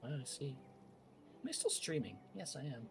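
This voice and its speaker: A man playing a co-op game, chatting casually with quick, excitable reactions and the odd swear when surprised. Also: fairly high pitch, vocal fry, noisy background. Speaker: player in a co-op game. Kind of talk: casual gameplay chat.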